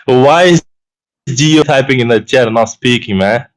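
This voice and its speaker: Guy guest on a call, defensive, fed up, middle pitched voice. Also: moderate pace. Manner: exasperated, defensive. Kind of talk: casual debate.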